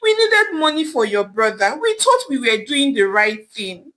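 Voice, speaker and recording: A woman's voice: on the high side, big pitch swings, unhurried, a bit bright. A woman voicing an elderly mother who sobs and begs her daughter for forgiveness in a storybook tale. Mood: pleading. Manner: sobbing, begging. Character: elderly mother, weak and pleading.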